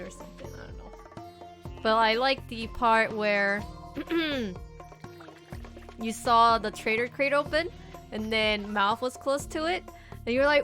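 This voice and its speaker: A young woman with a fairly high voice chats casually on a game stream, retelling moments with a giggly, playful energy. Music plays clearly underneath her talk. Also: steady tone, a little slow, pauses often, bright, forceful tone. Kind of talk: casual chat.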